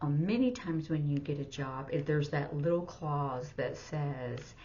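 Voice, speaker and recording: Low-voiced woman teaching, halting. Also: warm tone. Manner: halting, thinking aloud, with many fillers. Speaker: sign language teacher and interpreter. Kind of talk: casual explanatory lesson. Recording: dull lo-fi sound with faint noise.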